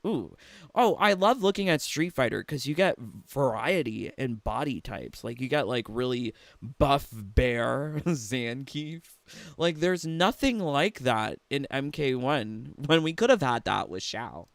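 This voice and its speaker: A man's voice: medium pitch, lively intonation, unhurried, vocal fry, fairly bright tone, dry recording. A man giving profane, mocking reaction commentary on a gaming video, laughing often and swearing freely.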